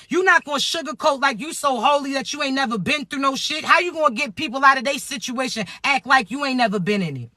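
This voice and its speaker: A man, talking loudly and bluntly about spirituality, cussing freely as he preaches. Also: extremely high pitch, no echo. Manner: loud, preachy, streetwise, frequent cursing. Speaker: spiritual vlogger. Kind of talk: casual spiritual talk to camera.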